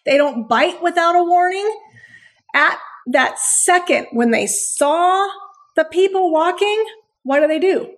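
A woman giving a blunt, animated talk as a dog trainer hosting a show, laughing often. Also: extremely high pitch, a little slow. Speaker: dog trainer and podcast host. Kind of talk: instructional talk.

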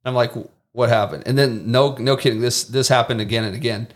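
A man's voice: mid-range voice, a little fast. Man telling war-zone stories casually. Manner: lively anecdotes, mimics people he quotes, casual swearing. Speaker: podcast guest. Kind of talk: casual storytelling.

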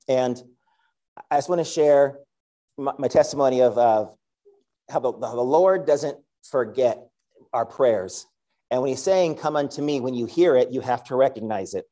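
This is a man in his thirties, speaking at an everyday, middle pitch. He gives a sermon-style talk as a storyteller. He is lively and pokes fun at himself as he goes. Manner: self-deprecating, animated storyteller. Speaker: school principal giving a devotional talk.

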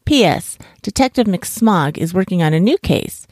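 A woman reading a children's bedtime story aloud for her podcast in a calm, even way. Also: fairly low pitch, normal speed, dry recording, clean studio sound.

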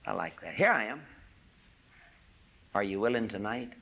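A man's voice: lowish voice, big pitch swings, brisk, gravelly, long pauses, husky. Impassioned older preacher man. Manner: impassioned, swings from loud peaks to hushed asides. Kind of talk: sermon.

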